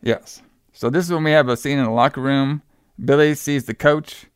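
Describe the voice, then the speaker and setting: Man co-host, casual movie recap, rambling and profane, smooth resonant voice, dry close sound. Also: mid-range voice, fairly even intonation, normal speed, no echo. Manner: rambling, filler-heavy retelling with frequent swearing. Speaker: podcast co-host recapping a film. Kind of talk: casual chat.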